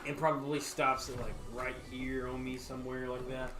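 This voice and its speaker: A man's voice: mid-range voice, level tone, moderate pace, pushed and bright. A man, casually chatting to viewers on a livestream from his home bar room, rambling and folksy with lots of fillers. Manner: rambling, laid-back, folksy, frequent fillers. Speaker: livestream host. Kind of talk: casual chat to a live stream. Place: home bar room with sound foam on the walls.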